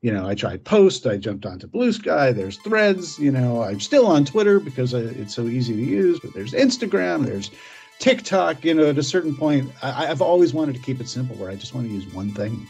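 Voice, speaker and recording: A husky-voiced man chatting as an interview guest, wandering through his thoughts with plenty of fillers and restarts. He sounds like he is on a video call, with faint music playing underneath. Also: mid-range voice, big pitch swings, normal speed, a little mellow. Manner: rambling, hesitant, many fillers and restarts. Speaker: filmmaker guest. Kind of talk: casual interview chat.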